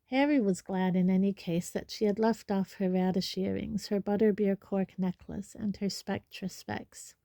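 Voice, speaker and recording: A woman narrates a storybook in a steady, even way. Her voice is mellow and warm, and the sound is close and dry. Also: medium pitch, normal speed, creaky, few pauses, no room sound. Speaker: audiobook reader.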